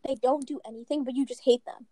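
A woman with a high voice chats quickly on a podcast, teasing the others. Her words come out fast and light. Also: fairly even intonation, warm tone, no room sound, clean studio sound. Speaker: podcast co-host. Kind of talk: casual chat.

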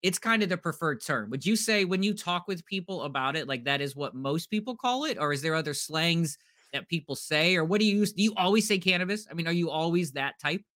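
A man's voice: a little high, animated, fairly quick, a bit bright. A man co-hosting a podcast, asking playful, teasing questions in casual chat. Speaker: podcast co-host.

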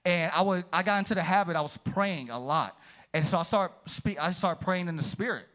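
A man preaching a sermon as pastor in a church, swinging from loud high peaks down to low quiet asides and calling out to the congregation. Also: brisk. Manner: energetic, rises to high shouted peaks then drops low; calls out "come on", "praise the Lord" to the congregation.

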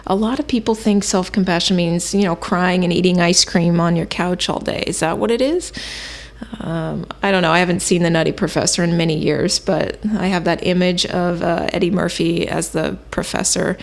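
A woman hosting a self-help podcast, teaching in a calm, measured way and thinking aloud with occasional fillers. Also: lowish voice, vocal fry. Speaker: podcast host.

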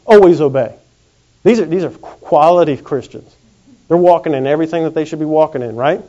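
A man preaching a sermon in a folksy, animated way. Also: a little high. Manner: folksy, animated, acts out quick comic voices. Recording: dull lo-fi recording.

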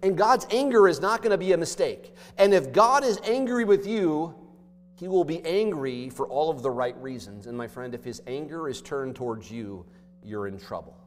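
A man's voice: on the high side, animated, normal speed. Emphatic male preacher in a reverberant hall. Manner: emphatic preaching, swinging between loud and hushed. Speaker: pastor. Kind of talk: sermon.

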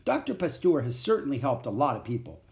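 Guy reading as a polite old night watchman, slow and kind, storybook voice. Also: mid-range voice, big pitch swings, gravelly, darkish tone, reverberant. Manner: polite, unhurried.

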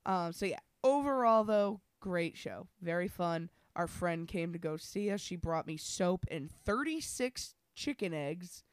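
A man's voice: high-pitched, unhurried, hardly any pauses, clear, resonant tone, dry recording. Man, podcast co-host, casual chat, sleepy, laughs a lot, swears, dry sound. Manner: laughs often, swears freely, animated storytelling.

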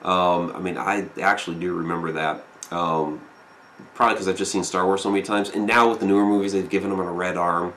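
Male streamer, lowish voice, loose rambling chat with viewers, lots of ums. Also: steady tone, brisk, a bit bright, slight background noise. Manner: rambling, many fillers, reads viewer comments aloud. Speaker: live stream host. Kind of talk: casual live chat reading comments.

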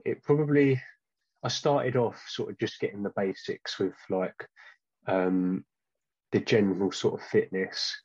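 A man being interviewed about his training, talking casually and hesitantly with many pauses and restarts. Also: fairly low pitch, steady tone, darkish tone, breathy edge, highs cut off. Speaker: guest.

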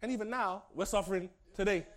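A male pastor preaching a lively sermon, laughing often and swinging from shouted lines to soft asides. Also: sits high, fast.

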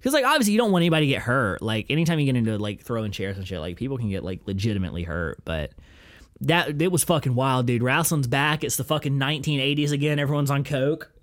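A young man hosting a podcast, telling a story in a profane, rambling, excitable way. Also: medium pitch, fast talker. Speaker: podcast host. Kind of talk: casual chat.

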